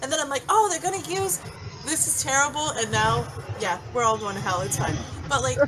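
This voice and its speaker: A woman co-hosting a podcast tells a story in chatty, casual talk packed with fillers. Her voice is a little high, expressive, and brisk, and the podcast audio has clear background noise.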